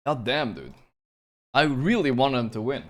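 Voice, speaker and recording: A man co-streaming a live match, reacting in casual, excitable talk and swearing often. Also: mid-range voice, normal speed.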